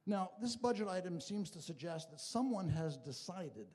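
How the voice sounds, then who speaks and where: A man's voice: high-pitched, lively intonation, a little mellow, husky. Man arguing in an echoey meeting hall. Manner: measured, deliberate, argumentative. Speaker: town meeting member speaking from the floor. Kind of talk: formal public statement. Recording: long hall reverb.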